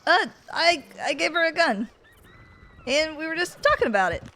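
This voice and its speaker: A woman's voice: high-pitched, expressive, normal speed, pushed and bright, slight background noise, pitched above the performer's own voice. A woman voicing an earnest, apologetic young frontier woman in a role-play game, using a folksy drawl.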